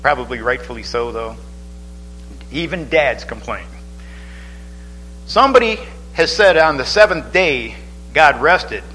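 Chatty, bright-voiced male preacher. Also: mid-range voice, lively intonation, unhurried, long pauses, slight background noise, poor audio. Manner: chatty, rambling with many restarts and asides. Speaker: pastor. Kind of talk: sermon.

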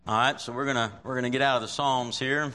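A man's voice: mid-range voice, steady tone, quick pace, pushed and bright. A man preaching a sermon and reading scripture aloud, talking conversationally and checking in with his listeners. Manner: conversational, checks in with frequent "right?"; chuckles often while preaching.

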